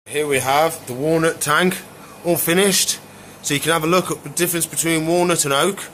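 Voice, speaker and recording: A man's voice: fairly high pitch, a little fast, a little hiss or hum. A man casually chatting while showing his pet animals and tanks, rambling along with lots of easygoing fillers. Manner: rambling, relaxed, many "so yeah" fillers. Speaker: exotic pet keeper and vlogger.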